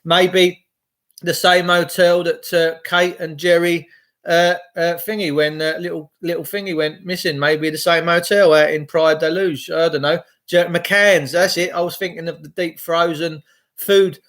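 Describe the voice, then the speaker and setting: A man's voice: fairly high pitch, level tone, a little slow, a bit bright. A middle-aged man from England, giving a rambling, profane, chatty monologue to his viewers. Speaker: video host.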